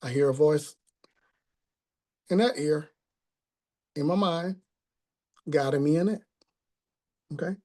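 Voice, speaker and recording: A man's voice: fairly high pitch, slow, long pauses, a little mellow. A man teaching a spiritual class in a conversational tone, often checking in with the listeners.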